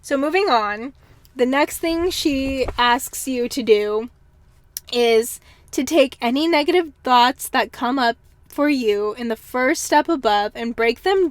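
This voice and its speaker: A woman's voice: a little high, no room sound. Chatty young woman with a slightly worn voice. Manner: chatty, candid, frequent ums and kinda. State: slightly losing her voice. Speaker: podcast host. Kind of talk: casual solo podcast reflection.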